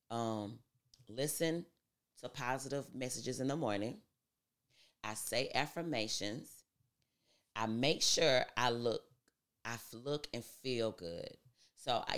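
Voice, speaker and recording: Woman vlogging, chatty and easygoing, chants her affirmations louder and louder, laughs a lot, talks right to you. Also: rumbling low. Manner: recites affirmations in a rising, emphatic cadence; chatty, laughs easily, talks straight to viewers. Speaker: vlogger sharing a morning routine. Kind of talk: casual motivational talk.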